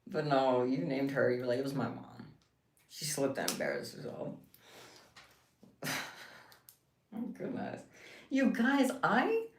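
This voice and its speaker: A woman streaming live, chatting casually with her viewers and reacting with playful, dramatic exaggeration. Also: fairly low pitch. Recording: echoey room, mic at distance, faint hiss.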